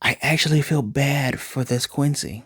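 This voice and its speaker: Animated man recapping an anime episode. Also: mid-range voice, moderate pace, no echo. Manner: animated, retells scenes with quoted lines. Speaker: anime reviewer.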